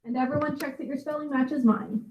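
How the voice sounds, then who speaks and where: A woman teaching an online spelling lesson to children, speaking slowly and clearly. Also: sits high, steady tone, a little mellow, slight background noise. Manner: slow, clear enunciation for children.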